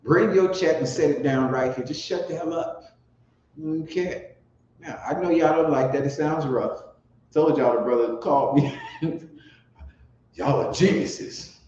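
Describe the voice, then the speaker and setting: A man preaching on the street, profane and fiery, teaching from scripture and swinging from mutters to shouts. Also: a little high, measured pace, pauses often. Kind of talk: street sermon with scripture reading. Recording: roomy dull lo-fi recording with faint noise.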